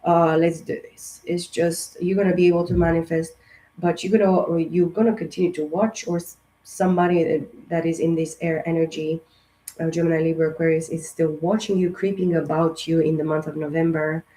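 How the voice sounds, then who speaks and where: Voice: mid-range voice, little pitch movement, brisk, mellow, poor audio. A tarot reader talks straight to camera in a casual astrology reading. The speech is loose and rambling, full of fillers and restarts, with direct, encouraging asides. The voice sounds strained and sensitive, as the speaker says it has been lately.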